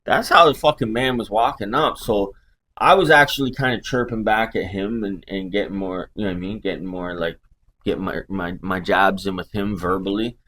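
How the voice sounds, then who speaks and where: A man's voice: lowish voice, normal speed, pushed and bright. A man, a life coach, telling a personal story in a casual, profane way with constant filler words. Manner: casual, heavy swearing, lots of "like" fillers.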